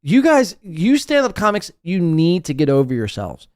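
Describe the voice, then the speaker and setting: A man's voice: on the high side, wildly swooping pitch, moderate pace, a little mellow, no room sound, clean studio sound. A man hosting a live podcast, reacting to clips with sarcastic, profane mockery. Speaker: podcast host.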